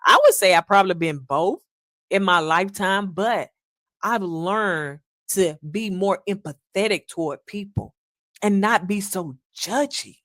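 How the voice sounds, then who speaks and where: A woman hosting a solo podcast, talking with folksy asides and repeating key lines slowly for emphasis. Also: medium pitch, fairly bright tone, dry recording, clean studio sound. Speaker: podcast host.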